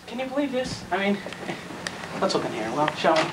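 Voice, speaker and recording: A man's voice: high-pitched, big pitch swings, fairly quick. A teen boy playing an exasperated sarcastic homeowner. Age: teens. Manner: exasperated, sarcastic, shouting now and then. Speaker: annoyed homeowner. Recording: hissy lo-fi home video.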